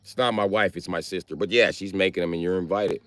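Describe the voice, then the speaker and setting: A man voicing a calm, shady male driver who answers quietly and smoothly. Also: deep voice, fast talker.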